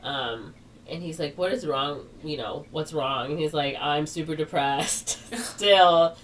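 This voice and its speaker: A low-voiced woman co-hosts a podcast, slowly retelling something in a rambling, casual way packed with "like" and "or whatever". The mic is distant, with faint background noise.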